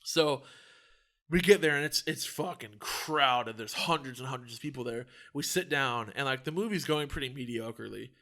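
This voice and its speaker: Bright-voiced American man telling a story. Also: mid-range voice, moderate pace. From United States. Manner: profane, animated storyteller. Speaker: podcast co-host. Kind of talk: casual storytelling chat.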